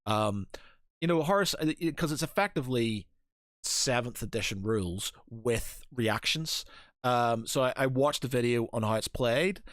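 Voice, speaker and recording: A man's voice: medium pitch, animated, normal speed, a bit bright, dry recording. Man, podcast co-host, casual rambling talk, lots of fillers, dead dry sound. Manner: rambling, many fillers and restarts. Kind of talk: casual chat.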